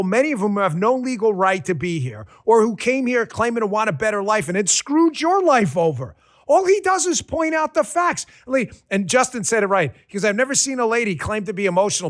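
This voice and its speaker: A man from Queens hosting a political talk show, loud, passionate and profane, mocking his opponents with sarcasm. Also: high voice. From Queens, New York. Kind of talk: heated political commentary.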